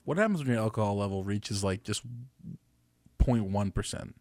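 Lively wisecracking podcast co-host. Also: male voice, on the low side, no echo, clean studio sound. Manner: wisecracking, quick reactions. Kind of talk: casual chat.

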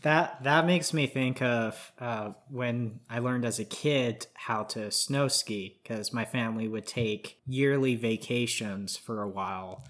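A man's voice: medium pitch, slow, few pauses, a bit bright. A man co-hosting a casual podcast chat, reminiscing in an easygoing, reflective way. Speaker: podcast co-host.

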